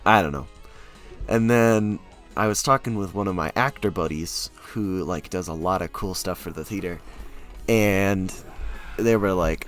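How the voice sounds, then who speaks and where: A young man chatting casually to his stream audience, rambling with sudden loud, animated bursts. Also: deep voice, unhurried, faint music behind. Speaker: streamer and hobby actor. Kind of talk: casual chat to a live stream.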